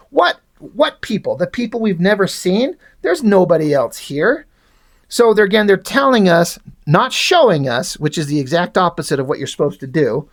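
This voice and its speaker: A man reading through a comic book aloud and mocking it with sarcastic, deadpan asides and swearing. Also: sits high, moderate pace. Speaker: comic reviewer. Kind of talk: sarcastic comic read-along review.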